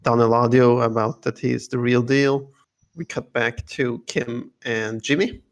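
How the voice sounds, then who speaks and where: A man's voice: mid-range voice, vocal fry, fairly bright tone. A man co-hosting a podcast in casual chat, rambling and laughing between points. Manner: rambling, many fillers and restarts, laughs often. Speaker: podcast co-host.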